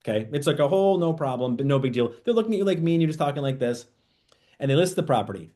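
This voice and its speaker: A man teaching real estate agents in an animated training talk, often acting out quoted dialogue. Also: on the high side, racing.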